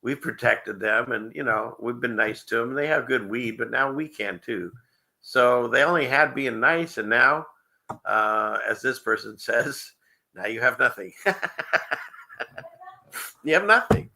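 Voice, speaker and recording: Gravelly, bright-voiced male show host. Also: medium pitch, unhurried. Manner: rambling, chuckling often, frequent fillers. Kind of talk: casual livestream chat.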